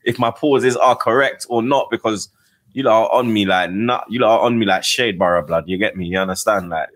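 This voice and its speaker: A middle-aged man with a London accent, hosting a casual chat and telling animated stories full of slang. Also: on the low side, brisk. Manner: animated storytelling with slang tags. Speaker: host.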